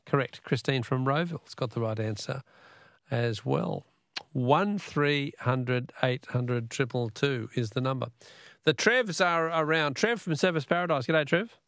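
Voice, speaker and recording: A man with an Australian accent hosting a talkback radio quiz, chatty and quick to laugh. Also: mid-range voice, a bit bright, no room sound, clean studio sound.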